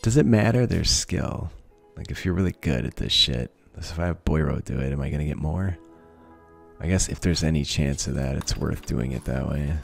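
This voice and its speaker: A man's voice: extremely low pitch, gravelly, a little mellow. A man giving casual let's-play commentary, thinking aloud, swearing freely and laughing often. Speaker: gaming video creator.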